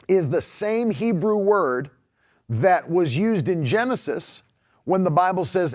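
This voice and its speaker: Male preacher on a livestream, real animated, kinda high voice, stretches words for emphasis. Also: a little slow. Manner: emphatic, drawing out key words, laughing asides. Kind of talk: livestream sermon reading comments.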